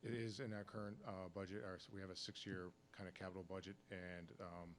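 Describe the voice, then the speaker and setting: A man's voice: low voice, level tone, brisk, slight background noise. A man explaining a utility project at a town meeting, his voice cracking a little from a cold, plain and technical with many fillers. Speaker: town engineering director. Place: town hall meeting room.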